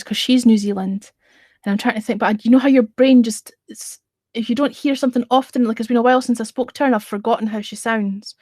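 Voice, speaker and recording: A woman's voice: on the high side, darkish tone, no room sound. A woman hosting a late-night livestream, chatting in a giggly way with lots of fillers, sleepy and close to slurring. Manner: giggly, chatty, tells stories with filler words. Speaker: livestream host. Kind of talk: casual chat.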